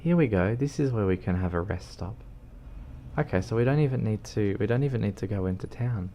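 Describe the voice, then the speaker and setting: Man, low and gravelly, unhurried, rambling livestream chat over loud game noise. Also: expressive. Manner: rambling, lots of ums, reads chat aloud, self-deprecating. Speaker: streamer. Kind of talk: casual livestream chat while gaming.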